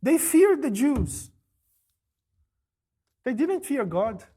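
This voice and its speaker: A male pastor preaching a sermon, firing off rhetorical questions and answering them, moving between loud emphasis and quiet asides. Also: extremely high pitch, very animated, extremely slow, husky.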